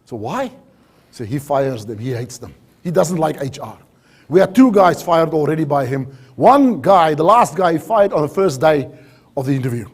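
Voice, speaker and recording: A man's voice: on the high side, lively intonation, moderate pace, breathy edge. A man giving a storytelling keynote talk on safety, acting out dialogue with animation. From South Africa.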